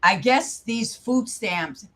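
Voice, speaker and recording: A woman's voice: a little high, expressive, takes it slowly, pushed and bright. A young woman hosting her channel, casually commenting live in an angry, profane, rambling way. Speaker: channel host.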